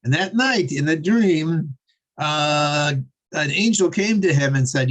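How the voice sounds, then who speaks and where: A man's voice: a little high, expressive, slow pace, fairly bright tone, poor audio. A man teaching a Torah class, telling a story conversationally with frequent fillers and chuckles.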